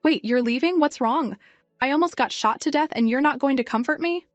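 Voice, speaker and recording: A woman voicing a feisty young wife with no memory, speaking higher and indignant, over faint music. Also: brisk, no echo, lo-fi sound, close to an everyday voice. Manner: indignant, higher and brighter than narration. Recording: dry, music faint behind.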